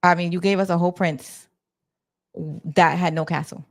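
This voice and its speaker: A woman's voice: fairly low pitch, fairly even intonation, normal speed, vocal fry. Chatty New York woman on livestream. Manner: chatty, talks to her chat, restarts and fillers. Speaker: livestream host. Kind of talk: casual livestream chat. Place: her office, indoors.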